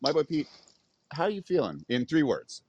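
A man's voice: a little high, very animated, normal speed, dull audio, background noise. A man co-hosting a casual comedy podcast in a laid-back, playful way. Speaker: podcast co-host.

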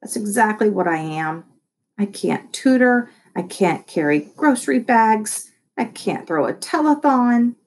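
A woman voicing an indignant, resentful teenage boy in an audiobook, her voice husky and a little exaggerated. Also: medium pitch, expressive, measured pace, a little mellow, a little hiss or hum, pitched above the performer's own voice. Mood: glum. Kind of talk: audiobook character voice.

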